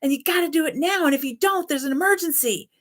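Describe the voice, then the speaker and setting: A woman voicing trauma as a scared little child, shouting urgent demands. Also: high voice, fast, voice pushed up. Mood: frantic, urgent.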